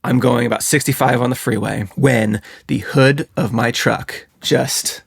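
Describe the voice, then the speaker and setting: A young adult man co-hosting a podcast, telling a story in a relaxed, matter-of-fact way. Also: mid-range voice, measured pace, creaky, breathy edge. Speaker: podcast co-host. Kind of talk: casual storytelling chat.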